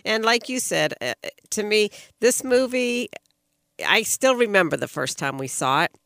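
A woman co-hosting a casual movie chat, agreeing warmly and laughing often. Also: mid-range voice, expressive, normal speed, creaky, no echo, studio quality. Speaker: podcast co-host.

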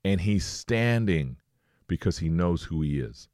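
A man preaching a sermon, reading scripture and slowing to stress his points. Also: sits low, mellow, no room sound, clean studio sound.

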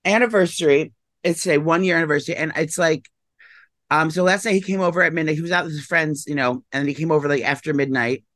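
A man's voice: fairly high pitch, fast talker, a bit bright, no room sound. A man co-hosting a casual chat podcast, rambling with lots of fillers and sounding just woken up. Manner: rambling, full of "like" and "um", sleepy and yawning. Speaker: podcast co-host.

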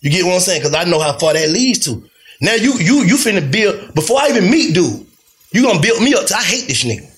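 A man with a fairly high speaking voice co-hosts a casual roundtable podcast. He talks bluntly and with plenty of profanity. He acts out little quotes as he makes his points. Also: lively intonation, fast talker. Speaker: podcast co-host.

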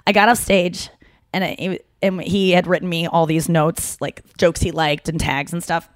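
A woman's voice: lowish voice, normal speed, no echo, clean studio sound. A young adult woman co-hosting a podcast, chatting casually and telling stories with lots of restarts and asides. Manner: rambling, animated storytelling with self-interruptions. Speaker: podcast co-host. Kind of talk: casual chat.

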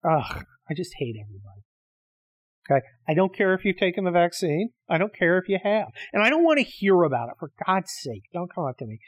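A man's voice: high-pitched, sing-song, a little fast, no echo. Middle-aged guy ranting to the camera, cussing a lot, fed up, dry close sound. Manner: profane, combative, exasperated ranting. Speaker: host of his own show. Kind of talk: solo ranting monologue.

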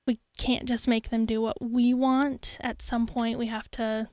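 A young woman chatting as a guest, laughing often and acting out quick quotes. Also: on the high side, flat delivery, darkish tone, dry recording, studio quality. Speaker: podcast guest. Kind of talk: casual interview conversation.

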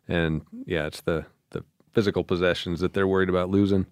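Low smooth-voiced ex-lawman. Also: fairly even intonation, a little fast, a little mellow, no room sound. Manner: agreeable, backs up the point. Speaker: former law enforcement officer. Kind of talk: casual conversation.

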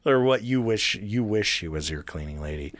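A man's voice: fairly low pitch, animated, normal speed, dry recording. Young male podcast co-host, profane storyteller, dry close mic. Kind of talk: casual podcast chat.

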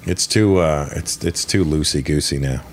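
A man's voice: extremely low pitch, moderate pace, a little hiss or hum. A man chatting casually as a host, telling stories bluntly and with lots of swearing. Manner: profane, blunt storytelling. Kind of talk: casual chat.

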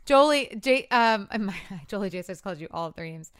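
A woman in her thirties hosts a podcast in easy, giggly chat. Her voice is crisp and clear, recorded on a studio mic. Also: mid-range voice, expressive, brisk. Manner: giggly, chatty storyteller. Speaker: podcast host. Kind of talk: casual chat with friends.

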